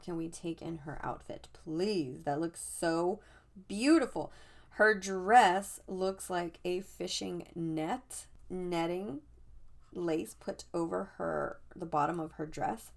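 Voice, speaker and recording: A tarot reader with a fairly low, gravelly voice chats casually while going through a deck. She muses aloud and frequently starts her sentences over.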